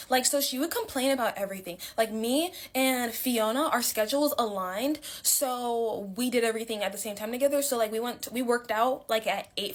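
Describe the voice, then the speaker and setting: A young woman telling a story casually, chatty with lots of fillers and dramatic swings in her voice. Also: fairly high pitch.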